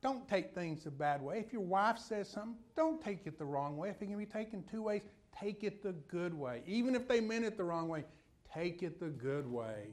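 A man's voice: high-pitched, expressive, normal speed. A man preaching a sermon in a folksy, conversational way, telling personal stories and putting questions to his listeners.

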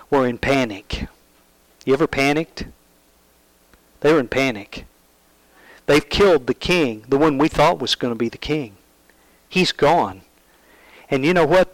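A man preaching a sermon, retelling a Bible story in a storytelling manner, asking the listeners questions and dropping to hushed tones. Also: medium pitch, dry recording, low-quality recording.

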